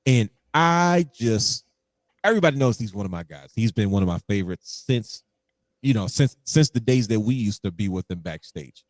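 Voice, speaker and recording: A man's voice: lowish voice, expressive, moderate pace, no room sound. A man co-hosting a podcast in casual chat, telling stories animatedly and acting out his own reactions. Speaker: podcast co-host.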